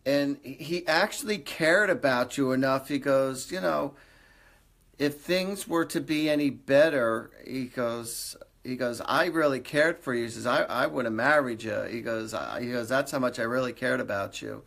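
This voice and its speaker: Speaking at a moderate pace in a medium-pitched, creaky, fairly bright voice, a man hosts a live stream as a psychic medium. His readings ramble along conversationally with lots of fillers.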